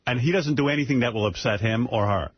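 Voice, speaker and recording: A man's voice: medium pitch, fast, breathy edge, no room sound, muffled recording. A man hosting a radio show, telling a rambling, emotional story in casual talk, repeating himself. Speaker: radio host. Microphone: studio microphone, dry.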